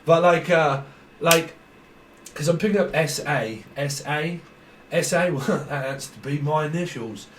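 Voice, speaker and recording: A man's voice: on the high side, unhurried, a bit bright. A man with a British accent giving a casual, rambling tarot reading, thinking aloud and laughing often. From Britain. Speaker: tarot reader. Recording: roomy echo, slightly distant mic, faint noise.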